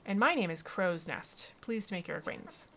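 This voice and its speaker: A woman's voice: mid-range voice, animated, normal speed, fairly bright tone, a little hiss or hum. A woman voicing a courtly, eccentric alchemist in a video game, with a genteel, theatrical manner. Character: courtly eccentric alchemist in a bird-nest hat.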